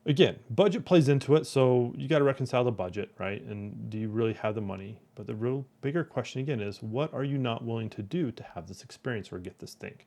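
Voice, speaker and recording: Brief: male host, rambling casual storyteller, mid-pitched voice, lots of "right?" tags. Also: lively intonation, fast talker, vocal fry, few pauses, warm tone. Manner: rambling, keeps asking "right?".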